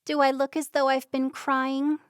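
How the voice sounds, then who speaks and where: A woman voicing an insecure, lovesick young woman in an audiobook story, speaking in a soft, halting way. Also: sits high, flat delivery, dry recording, clean studio sound, pitched above the performer's own voice. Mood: hopeful.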